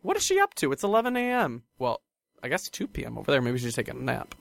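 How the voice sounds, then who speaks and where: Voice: medium pitch, huge pitch swings, quick pace, creaky, dry recording. A podcast co-host in casual chat, giggly and rambling as they tell stories to a friend.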